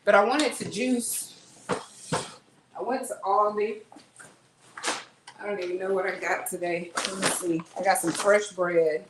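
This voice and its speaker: With a steady, mid-range voice, this vlogger speaks at a measured pace and pauses often. She rambles chattily to her viewers, addressing them as "y'all", while putting away groceries in her kitchen at home. The audio has room echo and faint noise.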